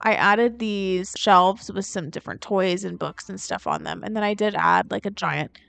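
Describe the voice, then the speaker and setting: A woman's voice: medium pitch, animated, normal speed, creaky, a bit bright. A woman vlogger giving casual gameplay commentary, chatty and thinking aloud with frequent filler words. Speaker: game building vlogger.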